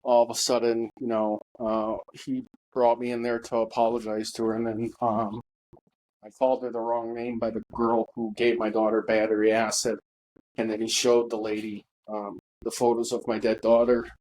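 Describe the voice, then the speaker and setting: A man telling his own story in a halting monologue, full of pauses and fillers, grieving and bitter. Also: mid-range voice, monotone, a little mellow, rough recording. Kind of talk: personal testimony monologue.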